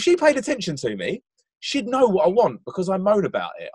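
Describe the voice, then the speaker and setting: Fast-talking man hosting a podcast. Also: high voice, husky, no echo. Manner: animated, self-mocking storytelling. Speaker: podcast host. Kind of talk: casual podcast chat.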